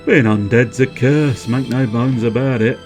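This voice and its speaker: A man's voice: mid-range voice, a little slow, darkish tone, faint music behind, natural voice. A man voicing a cheerful young undead soldier, eager and full of bony puns. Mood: chirpy.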